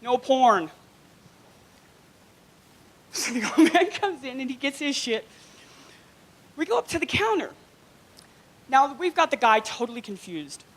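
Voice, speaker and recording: A woman doing a first-time stand-up comedy set on a small club stage, talking in an animated way and giggling through her own jokes. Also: high-pitched, unhurried, long pauses.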